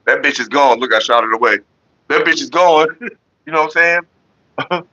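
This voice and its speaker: A man's voice: a little high, normal speed, no room sound. A man hosting a casual vlog from Northern California, answering viewers in a laid-back, rambling, profane way. The sound is a dull lo-fi recording. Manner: laid-back, profane, talks about staying calm.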